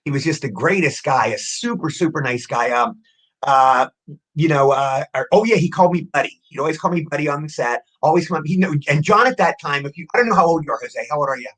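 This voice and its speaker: A man in his sixties, an actor guest telling rapid, excitable anecdotes in a casual interview, often repeating words as he goes. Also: on the high side, rough recording. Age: 60s.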